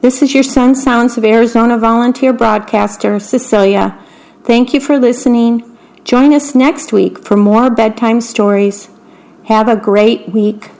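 A woman reading a bedtime story aloud for a radio program, slow and deliberate. Her voice sits a little high and she keeps the storytelling clear and measured. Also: steady tone, a little mellow. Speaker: volunteer radio broadcaster.

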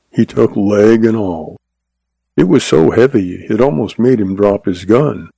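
A man reading a Western story aloud in a steady, measured narration. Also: on the low side, creaky, breathy edge, dry recording. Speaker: audiobook narrator.

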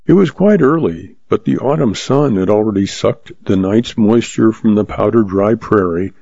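A man narrating a story in a steady, even reading, recorded dry and slightly muffled. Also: fairly low pitch, moderate pace, gravelly, no room sound. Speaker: audiobook narrator. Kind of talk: scripted narration.

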